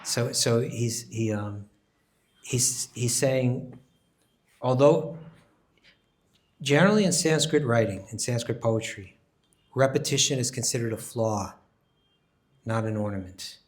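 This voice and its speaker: A man teaches a scripture class with a mid-pitched voice. He explains with animated emphasis and often restarts phrases while thinking aloud. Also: unhurried, long pauses.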